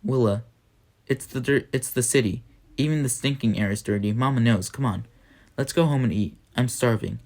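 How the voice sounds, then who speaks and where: A man voicing a scrappy, loyal poor city boy, coaxing in quick street slang. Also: medium pitch, darkish tone, natural voice.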